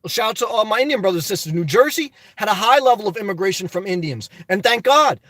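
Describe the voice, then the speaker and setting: A man's voice: sits high, animated, quick pace, a bit bright, no echo. A man reading chat on a phone live stream, talking politics in an emphatic casual way. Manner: emphatic, repeats "okay?" and "good job".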